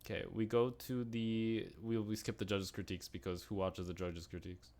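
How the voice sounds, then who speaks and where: A man's voice: fairly low pitch, flat delivery, normal speed, darkish tone. A man co-hosting a casual review chat, talking in a rambling, chatty way full of asides. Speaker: podcast co-host.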